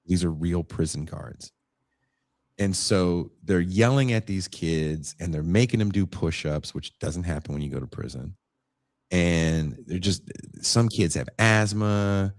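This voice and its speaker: A man with a deep, low voice tells a story in casual podcast chat, animated and blunt, with the odd curse. The sound is dry and close, with no room around it. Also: measured pace, no echo. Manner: animated retelling with swearing and acted quotes. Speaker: podcast co-host.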